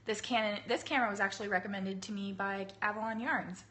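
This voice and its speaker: A woman in her thirties, hoarse from a cold, chatting casually to viewers while she sets up her cake workshop on a phone livestream. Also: fairly even intonation, fast talker, pushed and bright. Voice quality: husky, low. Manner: chatty, laughing, greets viewers by name. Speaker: cake artist hosting a livestream. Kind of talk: casual live-stream chat.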